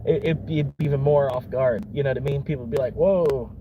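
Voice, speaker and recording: A man's voice: mid-range voice, steady tone, fast, highs cut off. A man from Florida, a vlogger rambling casually from his car, laid-back, chuckling often and swearing easily. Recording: car interior with vehicle noise.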